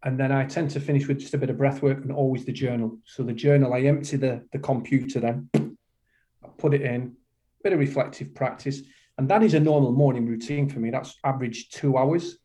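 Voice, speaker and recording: A middle-aged man from the UK speaks as a podcast guest in a warm, mellow voice. His pitch sits in the everyday middle for a man. He talks with passion and emphasis, repeating his key phrases and calling the listener "man" like a motivational coach. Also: fairly even intonation, a little fast. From United Kingdom. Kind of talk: podcast interview conversation.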